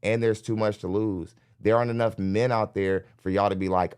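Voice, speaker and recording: A man with a very low, smooth and resonant voice hosts a live podcast. He reacts bluntly to a clip and talks directly to his viewers, often breaking into laughter between points. He is recorded close on a studio mic. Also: steady tone, a little fast, hardly any pauses, a little mellow.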